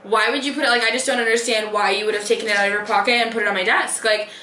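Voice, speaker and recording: A young woman in her twenties talks very fast in a slightly high, sharp voice with a steady tone, telling a dating story as she does her makeup. The beauty vlogger is chatty, sassy, swears freely, and says "like" nonstop, and the echoey recording has slight background noise.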